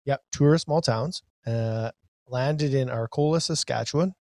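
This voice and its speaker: A man co-hosting a podcast in an easygoing, joking way, with a mid-pitched voice. The sound is dry and close, with no room around it. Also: unhurried, darkish tone, no room sound. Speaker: co-host. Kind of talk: casual podcast chat.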